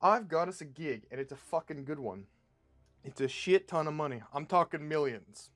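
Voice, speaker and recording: A man voicing a foul-mouthed, swaggering male superhero who leads the team and pitches jobs like a salesman. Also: lively intonation, normal speed, fairly bright tone, soft background music. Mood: cocky. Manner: swaggering, cursing, pushy salesman.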